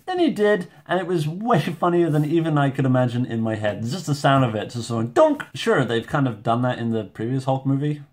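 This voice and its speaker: Excitable, rambling male movie vlogger. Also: a little fast, few pauses. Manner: excitable, self-deprecating, rambling, with jumpy pitch. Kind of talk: casual rambling review. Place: home room with shelves.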